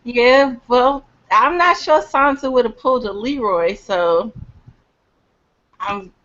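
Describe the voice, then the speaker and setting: Argumentative woman, slightly high voice. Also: slow, a bit bright, highs cut off. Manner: argumentative, casual swearing. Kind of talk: casual chat.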